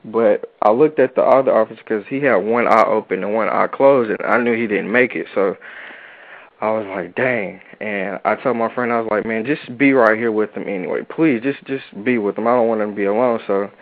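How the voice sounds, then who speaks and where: A man's voice: lowish voice, a little fast. A young man from North Carolina, earnestly recounting his own story as an interview guest, with lots of "like" and "you know". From Charlotte, North Carolina. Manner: earnest, informal, says "like" and "you know" a lot. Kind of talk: personal storytelling. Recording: tinny phone-like radio audio.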